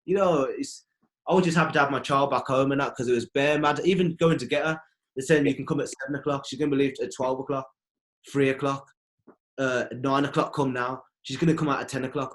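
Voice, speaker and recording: Young guy, mid voice, chatty and animated, slang everywhere, talking about life like it's mad. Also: mid-range voice, fast. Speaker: member of a music collective. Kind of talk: casual conversation.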